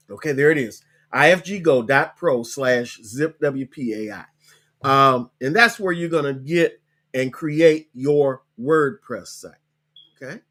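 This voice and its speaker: A man hosting a live online session, coaching viewers on starting a business, talking casually, repeating links slowly and ending lines with "okay?". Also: on the high side, fairly bright tone. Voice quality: hiccups. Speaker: podcast host.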